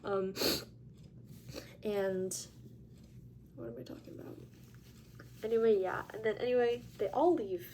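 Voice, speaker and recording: A young woman telling a story in a casual vlog, chatty and animated, with lots of "like" and free swearing. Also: medium pitch, a little slow, long pauses, slight background noise. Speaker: vlogger.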